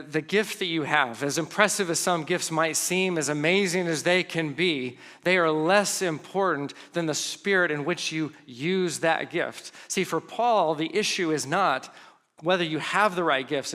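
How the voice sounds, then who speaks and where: A man's voice: a little high, fairly bright tone, big-room sound. A man giving a sermon as pastor, preaching earnestly with rhetorical questions and scripture readings.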